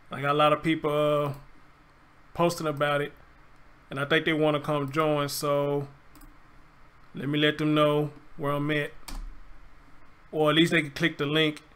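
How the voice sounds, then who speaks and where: A man's voice: on the high side, pushed and bright. A man from Memphis with a Southern accent, hosting a casual live stream, reading an article aloud and reacting to it emphatically. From Memphis, USA. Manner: reads aloud then reacts emphatically, greets viewers.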